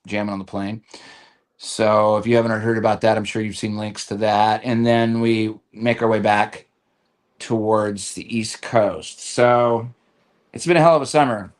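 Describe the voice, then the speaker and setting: A male host chatting on a live stream from a hotel room. His voice sits on the low side, and he talks in a halting way, full of fillers and restarts. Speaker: podcast host. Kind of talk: casual chat.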